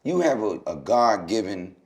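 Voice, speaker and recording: A man, a former basketball player, telling stories in a relaxed, slangy podcast chat that turns animated. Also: on the low side, normal speed, breathy edge. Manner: laid-back storytelling, loose slangy speech, animated when retelling.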